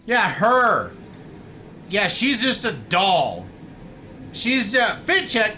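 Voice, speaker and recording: A man's voice: sits high, wildly swooping pitch, drawn-out words, pushed and bright. A man streaming a video game, joking playfully with his chat and putting on silly voices. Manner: playful, goofy, jokey voices. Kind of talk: live game commentary.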